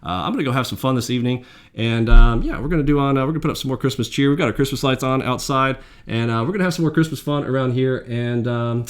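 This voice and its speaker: A man hosts a trading channel and rants with open indignation. He mocks, raises his voice, then drops to low muttered asides. His pitch sits in the middle range for a man. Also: fast talker. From Mexican heritage. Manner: indignant, mocking, swings between loud and muttered. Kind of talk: heated commentary rant.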